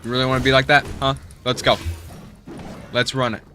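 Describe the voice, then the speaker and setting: Bright-voiced young male gamer. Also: medium pitch, level tone, brisk, faint music behind. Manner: theatrical, mock-threatening trash talk. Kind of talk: let's play commentary.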